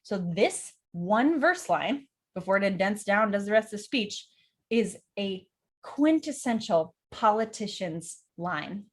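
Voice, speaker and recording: Brief: eager young woman in an acting lesson vlog, mid-pitched, lively, nerdy about verse. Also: a little slow. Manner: enthusiastic, acts out quotes, nerdy about verse. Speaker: acting teacher and director. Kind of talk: casual educational vlog.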